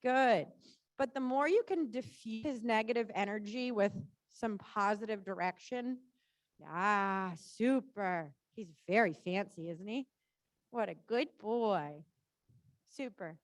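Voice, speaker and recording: Woman riding coach, high voice, dry close sound, brisk encouraging cues. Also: no echo. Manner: encouraging, quick short cues. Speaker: riding instructor. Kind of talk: live coaching during a riding lesson. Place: indoor riding arena.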